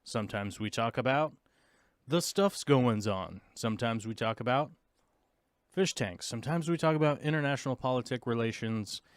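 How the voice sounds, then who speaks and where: A man's voice: medium pitch, normal speed, dry recording, clean studio sound. A man hosting his own long-format podcast, opening with playful, rambling banter and joking asides. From United States. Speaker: podcast host. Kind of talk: goofy live-stream opening banter.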